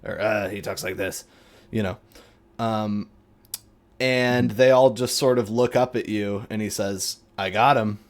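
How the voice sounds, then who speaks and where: A man narrating as game master of a tabletop game, unhurried and rambling with lots of fillers. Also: lowish voice, fairly even intonation.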